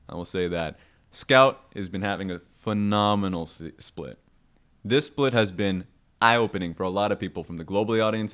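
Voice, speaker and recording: Guy co-hosting a podcast, lowish voice, gets excited and teases a lot. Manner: excitable, teasing, pitch jumps when excited. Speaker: esports podcast co-host. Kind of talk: casual podcast chat.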